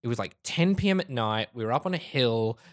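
A quick, lively Australian man chats about his own film shoots, laughing often and cursing freely as he tells the story. His pace never slows, and his pitch sits in an ordinary middle range. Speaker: podcast co-host. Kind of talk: casual chat, storytelling.

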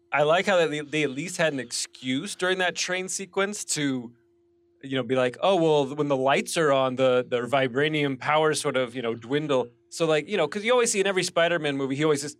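A man's voice: on the high side, brisk, fairly bright tone, no echo. A man co-hosting a podcast, telling stories in casual chat with laughs in his voice. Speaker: podcast co-host.

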